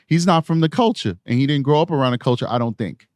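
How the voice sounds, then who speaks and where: A man's voice: medium pitch, animated, quick pace, darkish tone, no room sound, studio quality. A man from New York City giving rambling true crime commentary on a live stream, tired from lack of sleep. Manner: rambling, conversational, frequent restarts.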